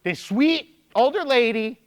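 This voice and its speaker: Man, young adult, very high-pitched, motivational speaker, energetic, emphatic repetition. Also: unhurried, smooth. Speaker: speaker addressing students. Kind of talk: motivational speech.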